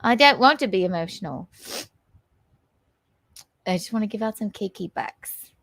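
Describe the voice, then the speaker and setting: Woman, thirties, live-stream host, rambling casual chat, mid-pitched, dry close sound. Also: very animated, moderate pace, gravelly, a bit bright, no echo. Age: 30s. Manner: rambling and teary, sign-off chatter to viewers.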